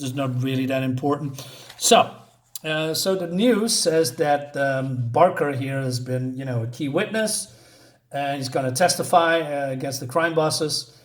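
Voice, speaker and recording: Man, fairly high voice, casual comic review, hesitant, lots of ums, self-correcting.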